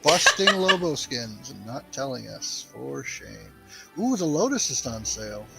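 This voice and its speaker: A man's voice: medium pitch, big pitch swings, measured pace, creaky, low-quality recording. A man joking around sarcastically with friends during a game session. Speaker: player in group chat. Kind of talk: casual gaming chat. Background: game music.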